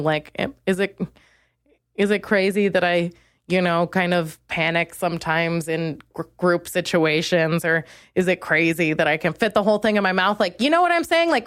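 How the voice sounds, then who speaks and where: A woman's voice: no echo, studio quality. Crude, rambling young woman comedian. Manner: rambling, crude, self-deprecating, jumps into high exasperated rants. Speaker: comedian podcast host. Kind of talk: solo comedic monologue.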